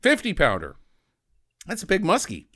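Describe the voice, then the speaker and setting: Animated man recapping a film. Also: high voice, moderate pace. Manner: animated, swearing, mock-quoting characters. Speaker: podcast co-host. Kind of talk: casual movie recap chat.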